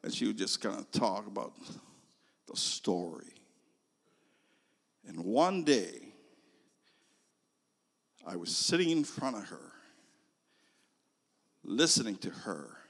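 An older man preaching a sermon, telling a story slowly and moving between loud emphasis and hushed, near-whispered lines. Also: fairly low pitch, big pitch swings, gravelly. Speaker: pastor. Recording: long reverb of a large hall.

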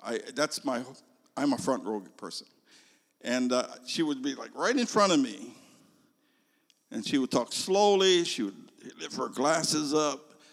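An older man preaching a sermon, telling a story slowly and moving between loud emphasis and hushed, near-whispered lines. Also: medium pitch, very animated. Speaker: pastor. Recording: long reverb of a large hall.

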